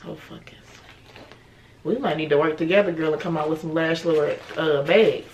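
A woman's voice: low-pitched, a little fast, darkish tone, muffled recording, a little hiss or hum. A young woman chatting casually and bluntly in a vlog, swearing freely. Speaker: vlogger.

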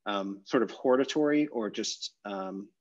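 A man teaching an online language class, thinking aloud with many pauses and self-corrections. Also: on the low side, muffled recording. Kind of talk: explaining grammar in a live online class. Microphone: video call.

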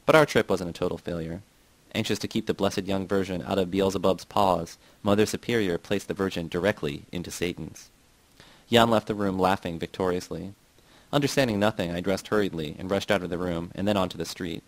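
A man with a deep, low voice reads a novel aloud. He keeps a plain, steady delivery and only shifts a little for the people he quotes. The sound is dry and close, with no room around it. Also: fairly quick, dry recording, poor audio. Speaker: audiobook reader.

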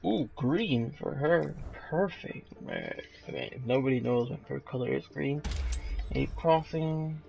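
A tired young man giving casual, low-key gameplay commentary into a headset mic, trailing off with fillers. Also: very animated, a little slow, vocal fry, warm tone, faint music behind. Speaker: gaming YouTuber. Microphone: gaming headset mic.

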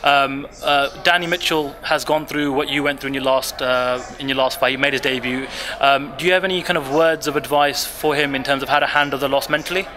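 A man's voice: mid-range voice, fairly even intonation, fairly quick, sharp tone. A male interviewer asking questions after a fight, hesitant and full of fillers and restarts. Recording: noisy background.

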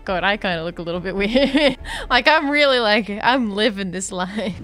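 A woman's voice: medium pitch, normal speed, hardly any pauses, a bit bright. A young woman commenting on a game as she plays, chatty and giggly, often gasping and squealing. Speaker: gaming YouTuber. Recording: music underneath.

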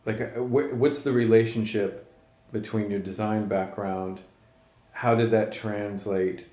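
A male podcast host with a somewhat low voice asks curious, winding questions that circle back on themselves. The recording sounds roomy and echoey. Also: fairly even intonation, measured pace, a little mellow. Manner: curious, rambling questions with restarts. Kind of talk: casual interview conversation.

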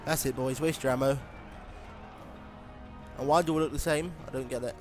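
Guy rambling and cracking jokes over a let's play, mid-pitched voice, game music going behind him. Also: steady tone, moderate pace. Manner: jokey, chatty, rambling asides. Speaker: gameplay commentator. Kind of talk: casual let's-play commentary. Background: game music and sound effects.

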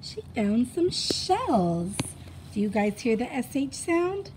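A woman's voice: a little high, very animated, slow, darkish tone, a little hiss or hum. Sing-song woman teaching phonics. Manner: sing-song, encouraging, sounds out letters. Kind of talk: children's phonics lesson.

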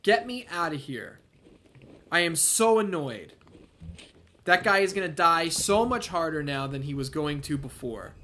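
A man giving profane, excitable let's play commentary, talking back to the game as he plays. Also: fairly high pitch, measured pace, noisy background. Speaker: gamer. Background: video game music and sounds.

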